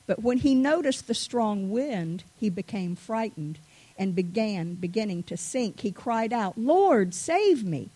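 Mellow-voiced woman reading scripture. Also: medium pitch, poor audio. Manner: measured reading. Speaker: scripture reader.

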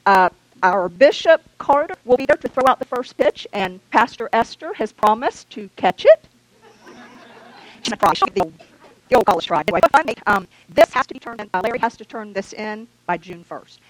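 A woman's voice: fairly high pitch, animated, fairly quick, low-quality recording. A woman reading out church announcements in a chatty, easygoing way, with laughing asides. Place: church sanctuary.

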